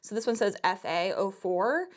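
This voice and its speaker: A woman's voice: medium pitch, lively intonation, moderate pace. A young adult woman, chatting casually and upbeat as she shows off her thrift finds. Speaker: thrift reseller vlogger. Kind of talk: casual vlog chat.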